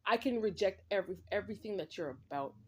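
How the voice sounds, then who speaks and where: A woman's voice: mid-range voice, lively intonation, quick pace, slightly rough. A woman vlogger in a confrontational, repetitive rant, talking straight at an absent man. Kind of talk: ranting monologue to camera.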